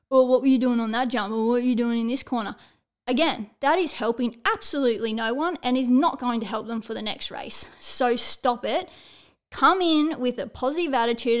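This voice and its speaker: A woman coach talks straight to camera in a blunt, no-nonsense way, dropping casual swears. Her voice sits a little high and comes through smooth and clear. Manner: blunt and direct, swears casually, keeps checking in with "all right?". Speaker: sports coach. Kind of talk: motivational talk to camera.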